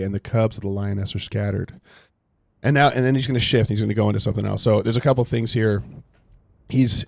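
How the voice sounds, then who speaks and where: A man's voice: vocal fry, a little mellow, no echo. A man leading a casual Bible study on a live stream, rambling with many fillers and retelling scripture in everyday words. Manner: reacts to game and chat in low muttering asides. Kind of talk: casual live-stream teaching while gaming.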